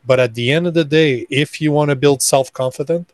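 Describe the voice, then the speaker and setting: A man speaking as a guest on a podcast interview, blunt and emphatic, lecturing with slow deliberate stresses. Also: a little high, no echo. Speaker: guest, men's coach.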